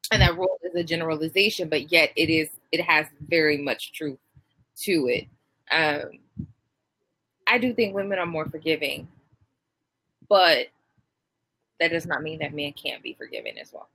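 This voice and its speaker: Bright-voiced woman co-host, measured. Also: low voice, lively intonation, rough recording. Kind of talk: casual chat.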